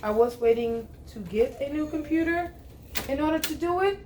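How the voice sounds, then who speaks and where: A woman's voice: high voice, animated, normal speed, a little mellow, a little hiss or hum. A woman talking casually to viewers while unboxing, chatty and informal, calling them guys and y'all. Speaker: vlogger.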